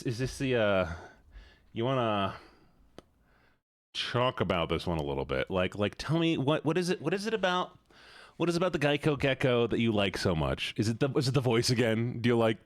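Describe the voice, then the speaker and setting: A man on a live stream reacts to viewer submissions in casual chat, frequently sighing, swearing and repeating himself out of exasperation. His voice is medium-pitched, with clean studio sound and no room sound.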